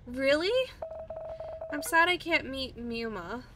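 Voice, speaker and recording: A timid, innocent little kitten, as a woman reads it aloud, asking after its mother in a small, higher voice. The recording carries steady background noise. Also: slow pace, distant mic. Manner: timid, childlike.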